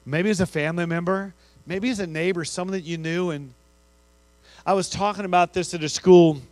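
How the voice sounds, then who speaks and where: A man's voice: sits high, steady tone, fairly quick, no echo. Man giving a storytelling assembly speech. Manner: storytelling, swings from loud to hushed. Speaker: school assembly speaker. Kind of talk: motivational speech to students. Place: school gym assembly.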